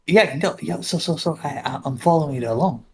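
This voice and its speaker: Player doing a dopey chatty knight guy, stammers a lot, kinda husky. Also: mid-range voice, a little fast, soft background music. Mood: goofy. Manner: stammering, rambling, awkward. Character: goofy friendly young male knight, chatty, clueless.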